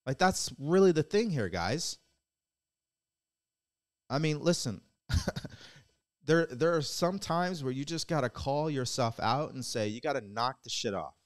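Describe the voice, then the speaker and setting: A man's voice: mid-range voice, expressive, unhurried, pauses often. A man hosting his own podcast, giving a blunt, preachy motivational talk, swearing casually and challenging listeners with repeated rhetorical questions. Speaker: podcast host. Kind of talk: motivational monologue.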